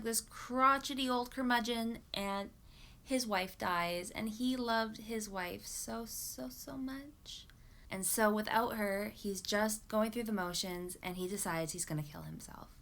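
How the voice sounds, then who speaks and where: A young woman from Canada chatting casually about books she read, rambling and animated with many asides. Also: medium pitch. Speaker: book vlogger. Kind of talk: casual chat.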